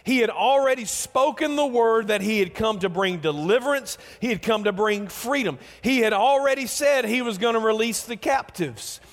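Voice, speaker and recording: A man's voice: high voice, normal speed, hardly any pauses, long reverb tail. A man preaching a sermon in an earnest way, often repeating words as he builds emphasis. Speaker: pastor.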